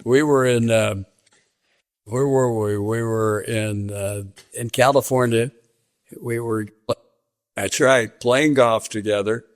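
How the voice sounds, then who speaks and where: A man's voice: medium pitch, fairly even intonation, slow. Older man telling vivid stories. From western Kansas. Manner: vivid storyteller, acts out quoted dialogue. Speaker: interview guest, veteran sportscaster. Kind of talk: storytelling in a sit-down interview.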